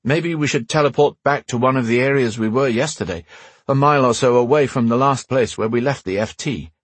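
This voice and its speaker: A man's voice: medium pitch, a little fast, slightly rough, no echo, voice pushed up, natural voice. A man voicing a brash young wizard who likes to play pranks, reading him in a raised voice in an audiobook. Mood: practical.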